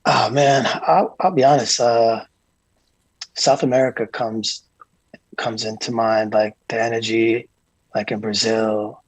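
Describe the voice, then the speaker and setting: A man being interviewed as a guest, a tour manager telling calm, earnest stories with frequent restarts. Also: mid-range voice, measured pace, no echo, low-quality recording. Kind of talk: casual interview chat.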